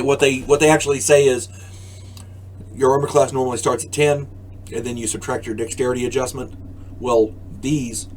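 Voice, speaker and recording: An older man hosting his own channel, explaining a game rule to camera in a casual, halting way, often repeating words and adding wry asides. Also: mid-range voice, a little hiss or hum. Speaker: channel host.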